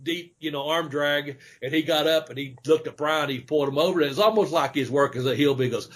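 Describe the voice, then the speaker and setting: A man's voice: a little high, quick pace. Laid-back man telling stories. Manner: rambling, laid-back, lots of fillers and laughs. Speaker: podcast co-host, former pro wrestler. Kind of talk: casual storytelling chat.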